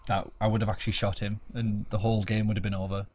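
A man's voice: fairly low pitch, level tone, quick pace, a little mellow, slight background noise. A man playing a game at his home desk, joking, swearing and mocking himself as he plays. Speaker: let's play gamer. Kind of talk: casual gameplay commentary.

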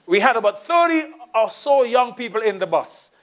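Male pastor, middle-aged, high voice; storytelling sermon delivery with quiet asides and sudden emphatic peaks. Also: very animated, moderate pace. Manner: storytelling, shifts between soft asides and raised emphatic lines.

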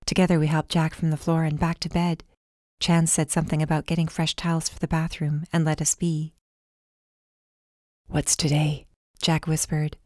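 A woman narrating a first-person audiobook in a calm, measured way. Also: low voice, no echo, studio quality.

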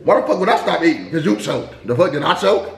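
A man's voice: on the high side, sing-song, quick pace, gravelly. A man bantering casually with his wife over a meal, teasing and cursing in a bossy, profane way. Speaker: vlogger, husband. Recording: echoey room, faint noise.

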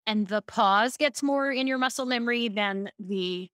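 Bright-voiced woman speaking coach. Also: a little high, measured pace, dry recording, studio quality. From Baltimore, USA. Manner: animated storytelling, acts out quotes. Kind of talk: casual podcast interview.

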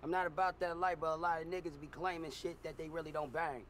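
A man contestant talks fast and boastfully in a slightly high voice, half rapping and defending himself. Faint noise sits behind him. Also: fairly even intonation, fairly bright tone. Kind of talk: boastful freestyle talk.

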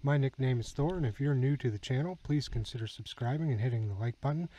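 A man hosting his own channel, giving calm instructional voice-over commentary on game footage and chuckling now and then. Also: medium pitch, quick pace, low-quality recording. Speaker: channel host.

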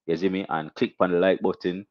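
A young Jamaican man hosting a casual live stream, shouting out viewers and reading donations with animated, repetitive catchphrases. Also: deep voice, a little fast, no room sound, muffled recording.

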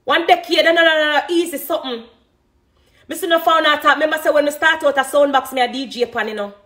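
Talking about her music in an interview, this middle-aged Jamaican-accented woman, a dancehall artist, gets emotional and emphatic. She speaks quickly in a high, slightly bright voice.

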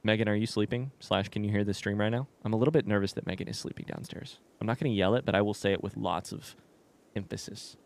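A man's voice: lowish voice, fairly even intonation, fast, vocal fry. A man chatting casually and joking as he streams a game from a room at home, swearing freely and talking to his chat. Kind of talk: casual live-stream commentary.

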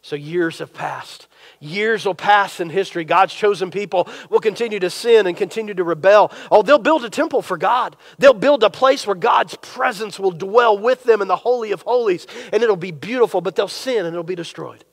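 Male pastor, very high voice, lively storytelling sermon. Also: normal speed, vocal fry. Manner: storytelling, acts out imagined dialogue.

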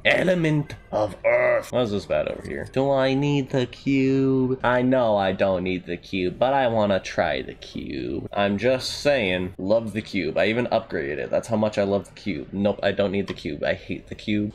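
A man giving let's play commentary, jokey and excitable, swearing and yelping at the game. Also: fairly low pitch, a little hiss or hum. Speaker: gamer.

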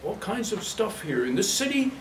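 A man's voice: high-pitched, sing-song, moderate pace, very noisy. A man leading an acting workshop for a class, blunt and demonstrative, laughing often as he talks. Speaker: acting teacher. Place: workshop room with a live class. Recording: echoey room, mic far off.

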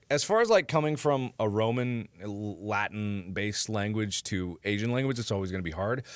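A young man live-streaming, giving gameplay commentary while getting exasperated, swearing and breaking into loud outbursts. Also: on the low side, no room sound.

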